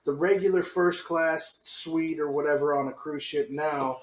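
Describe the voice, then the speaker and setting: Higher-voiced man chatting in a roomy loft. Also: fairly even intonation, unhurried. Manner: explanatory, chatty, adds details. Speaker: podcast co-host. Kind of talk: casual chat.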